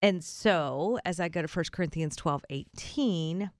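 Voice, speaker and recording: A woman with a Southern US accent hosting a Christian morning radio show, animated and often laughing. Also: lowish voice, measured pace, no echo, studio quality. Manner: animated and laughing, reads devotionals. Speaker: radio host.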